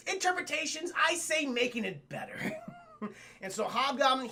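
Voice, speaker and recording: Male streamer, excitable and profane, lively pitch, gravelly. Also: slight background noise. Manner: excitable, swears freely, addresses chat. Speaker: streamer and cartoon reviewer. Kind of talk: casual profane live-stream review.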